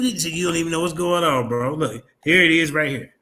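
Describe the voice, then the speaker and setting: A man's voice: on the high side, fairly quick, pushed and bright. A man hosting a livestream, ranting in a combative, profane, trash-talking way. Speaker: streamer host. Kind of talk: heated livestream rant.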